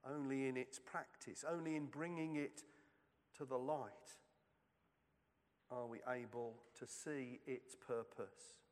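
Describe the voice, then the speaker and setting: Male preacher, unhurried and measured, long reverb behind him; sermon reading. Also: mid-range voice, fairly even intonation. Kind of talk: sermon reflection.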